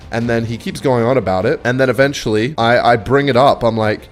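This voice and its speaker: A man's voice: mid-range voice, lively intonation, brisk, few pauses, soft background music. A young man telling a rambling, swear-filled story while commenting on his gameplay, often cutting himself off mid-sentence. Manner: rambling, swears a lot, self-interrupting. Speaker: gaming video creator. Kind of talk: casual storytelling over gameplay.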